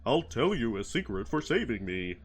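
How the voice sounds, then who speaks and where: A man's voice: mid-range voice, big pitch swings, normal speed, breathy edge, soft background music. A man voicing a grateful male Goron, a rock-eating creature, reading the game's lines in his own plain voice.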